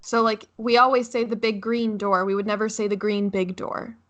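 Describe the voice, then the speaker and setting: Bright, giggly woman podcast co-host. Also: mid-range voice, flat delivery, normal speed. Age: young adult. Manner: giggly, goes off on tangents. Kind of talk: casual chat.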